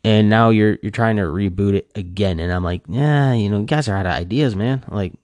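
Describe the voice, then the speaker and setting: A man chatting casually and rambling, full of fillers and restarts, his voice jumping up when he gets excited. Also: on the low side, a little fast, no room sound. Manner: animated fan gushing, voice jumps up when excited. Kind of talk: casual chat.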